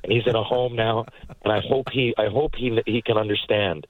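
A man, a guest telling rambling, animated anecdotes from his parked car. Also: fairly low pitch, a little fast, no echo, narrow, tinny audio. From Newfoundland, Canada. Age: 40s. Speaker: guest, former hockey player and actor. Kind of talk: casual storytelling interview.

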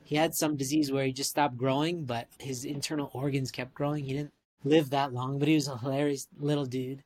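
A Canadian man in his forties, chatting casually and telling animated stories as host, with lots of "like" and "right?". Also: medium pitch, fairly quick. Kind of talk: casual chat.

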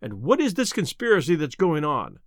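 A stern young gentleman baronet, as a male reader plays him, clipped and demanding in a close, dry recording. The voice stays lively in pitch. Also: normal speed, no room sound.

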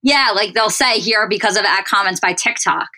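A young woman co-hosting a podcast, telling stories in quick, enthusiastic casual chat. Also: medium pitch, pushed and bright. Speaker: podcast co-host.

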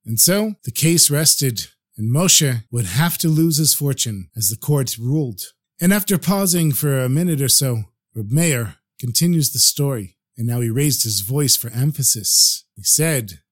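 A man narrating a traditional folk tale on a storytelling podcast in an expressive, animated way. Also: mid-range voice, unhurried.

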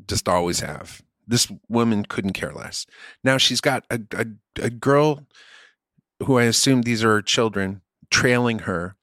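A man telling a story in relaxed podcast chat, earnest and often stumbling into restarts. His voice sits at a middle pitch, recorded dry and close. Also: unhurried, no echo.

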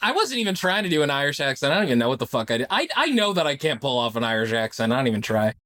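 A man's voice: mid-range voice, very animated, racing, sharp tone, no room sound. A man co-hosting a casual podcast, dry and self-deprecating, swearing freely. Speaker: podcast co-host.

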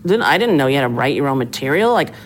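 A middle-aged woman, a comedian telling stories in a casual interview and acting out quotes with big jumps in pitch. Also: big pitch swings, fast, slight background noise, rough recording. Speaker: comedian guest.

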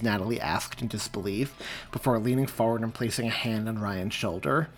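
A man's voice: on the low side, normal speed, husky, soft background music. A man, the author, reading his own story aloud as audiobook narration. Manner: expressive reading.

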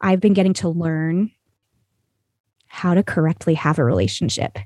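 A woman with a lowish voice tells personal stories as a podcast guest. She talks in an earnest, meandering way, full of "you know" and "like". The sound is close and dry. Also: animated, normal speed, darkish tone, no room sound. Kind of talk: conversational storytelling.

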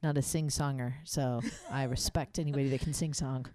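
A woman's voice: extremely low pitch, steady tone, brisk, warm tone. A woman in her thirties co-hosting a podcast, telling stories energetically, laughing and swearing freely. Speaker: podcast co-host. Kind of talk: casual chat.

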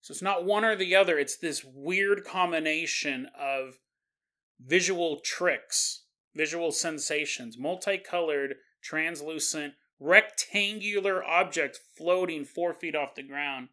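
A man's voice: on the high side, takes it slowly, bright, forceful tone. A man hosting a podcast, telling a story in a casual, conversational way with asides to the listener. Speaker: podcast host.

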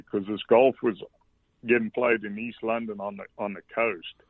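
A man from South Africa with a South African accent, a golfer guest telling relaxed anecdotes with salty language on a casual interview. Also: lowish voice, brisk, no echo. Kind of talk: casual storytelling. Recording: dry tinny phone line.

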